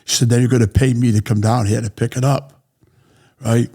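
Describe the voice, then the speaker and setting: Gravelly, husky man. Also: mid-range voice, brisk. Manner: blunt, profane, animated anecdote-telling. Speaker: interview guest. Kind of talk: casual storytelling.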